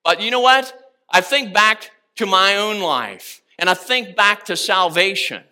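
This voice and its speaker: A man preaching a sermon with passion, acting out quiet prayers and rising to near shouts on key lines. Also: sits high, animated, unhurried. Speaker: pastor.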